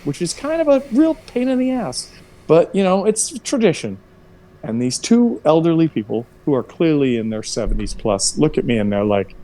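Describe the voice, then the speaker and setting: A young man casually telling a profane, animated story to friends, jumping into high voices for quotes. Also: moderate pace. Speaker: player chatting before a tabletop game session.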